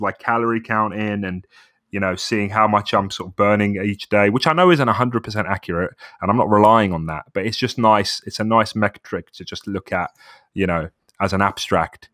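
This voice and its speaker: A man's voice: fairly low pitch, sharp tone, no room sound, studio quality. A man in his thirties co-hosting a podcast, chatting casually and rambling, often saying "bro". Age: 30s. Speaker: podcast co-host. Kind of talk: casual chat.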